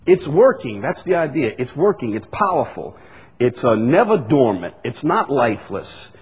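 A man's voice: medium pitch, a little mellow, husky. A male pastor, preaching a sermon with repeated, emphatic lines that rise in bursts. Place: church sanctuary. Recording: long hall reverb.

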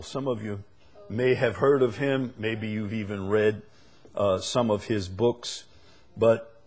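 Male pastor, low and unhurried delivery, preaching with swells and quiet drops. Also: breathy edge. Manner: slow, swelling preaching with loud peaks and hushed drops. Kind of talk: sermon.

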